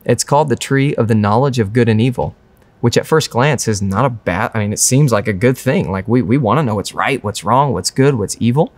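A man's voice: medium pitch, brisk, no room sound. A young man preaching a sermon as pastor, earnest and conversational.

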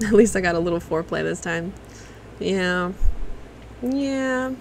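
A woman's voice: on the low side, a little slow, slight background noise. A woman streamer giving live gameplay commentary, profane and exclaiming, talking back at a boss.

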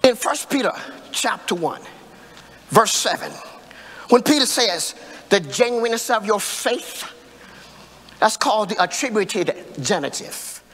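A man preaching in a church, his bright voice swinging widely in pitch as he works the congregation. He takes his time, then rises into emphatic shouted lines. The sound rings with the long reverb of a large church hall. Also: lively intonation, unhurried, long pauses. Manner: call-and-response preaching, building to emphatic shouts. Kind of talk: sermon. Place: church sanctuary.

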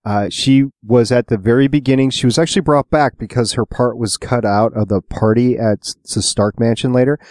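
A man's voice: mid-range voice, fairly even intonation, fairly quick, few pauses, darkish tone, no echo. Chatty man podcaster, dry close sound. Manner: chatty, trivia-sharing, laughs often. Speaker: podcast co-host. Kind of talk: casual chat about films.

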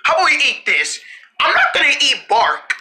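A cartoon creator voicing every character in a family road-trip cartoon, with frequent shouting and screams. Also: sits high, moderate pace. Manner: shouting and screaming often, animated. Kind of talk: one-person cartoon dialogue.

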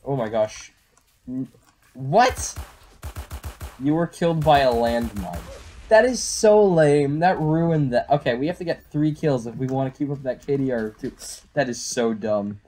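A young man giving excitable live commentary while playing a shooter game at home on a desktop microphone. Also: mid-range voice, normal speed. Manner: excitable, reactive, frequent exclamations. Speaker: gaming YouTuber.

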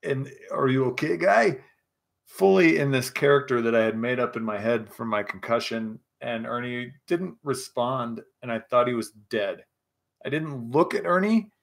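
A young man with a medium-pitched voice talks at a normal speed while hosting a casual livestream chat. A little tipsy on scotch, he reads chat aloud and rambles through stories, profane and laughing.

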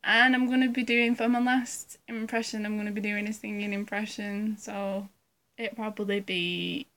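A woman's voice: medium pitch, flat delivery, normal speed, a bit bright. A woman vlogger chatting casually between impressions, giggly, rambling and self-deprecating, close to a phone or webcam mic. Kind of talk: casual chat.

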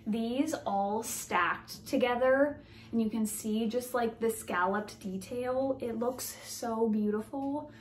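Bubbly woman vlogger, chatty and gushing, a touch high-pitched. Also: slow pace, roomy sound, a little hiss or hum. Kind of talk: casual show-and-tell vlog.

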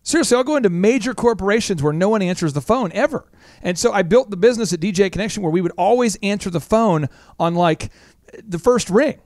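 Fast-talking, high-voiced male business host. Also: dry recording. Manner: fast, animated storytelling with shouted bits. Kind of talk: energetic business talk show.

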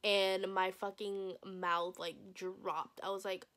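A woman's voice: medium pitch, little pitch movement, slow pace, a bit bright. A young woman vlogger telling a personal story in a casual, blunt, profane way, acting out what people said. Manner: profane, blunt, acts out quoted voices.

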